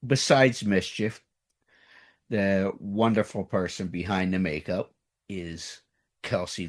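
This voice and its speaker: A man hosting a podcast interview, introducing his guest with a showy carnival-barker delivery. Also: low-pitched. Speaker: podcast host.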